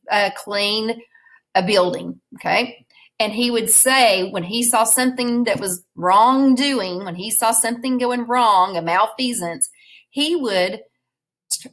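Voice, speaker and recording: A woman's voice: mid-range voice, a bit bright, poor audio. A woman teacher reading a storybook aloud in a recorded class lesson, patiently explaining words and prompting her students.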